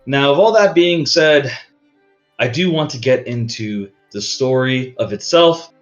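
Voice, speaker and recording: A man's voice: mid-range voice, expressive, a little slow. A man narrating a tabletop game as game master, in a casual, rambling way. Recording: dull lo-fi audio with faint music.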